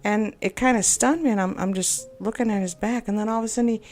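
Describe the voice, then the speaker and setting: A woman talks through a frustrating encounter in a loose, rambling monologue. She sounds upset and exasperated and keeps doubting herself. Quiet music plays underneath. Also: mid-range voice, quick pace. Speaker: game video creator. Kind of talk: personal venting monologue. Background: faint background music.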